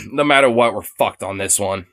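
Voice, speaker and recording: A man's voice: on the low side, normal speed, vocal fry, fairly bright tone, no room sound. A man streaming his reaction to a debate clip, swearing heavily and rambling in a mocking, casual way. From Irish descent claimed, not origin. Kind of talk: casual profane commentary.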